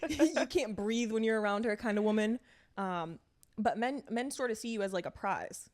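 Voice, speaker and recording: A woman's voice: medium pitch, normal speed, a little mellow. A young woman in her twenties co-hosting a podcast, talking candidly about dating, swearing and poking fun at herself. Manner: candid, swearing, self-mocking. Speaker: podcast co-host. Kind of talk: casual chat.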